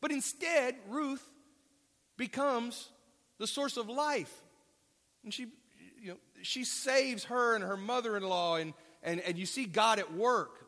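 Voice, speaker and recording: In a large hall with long reverb, a man with a high, sharp, expressive voice preaches at a measured pace. His sermon is conversational, with questions to the congregation and offhand asides.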